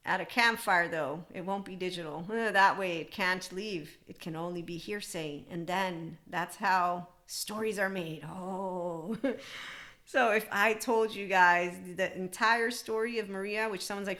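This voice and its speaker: A woman's voice: medium pitch, fairly even intonation, measured pace, a bit bright. A woman hosting her own podcast, talking in a rambling, candid way, laughing often and swearing freely. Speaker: podcast host. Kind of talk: casual spoken monologue.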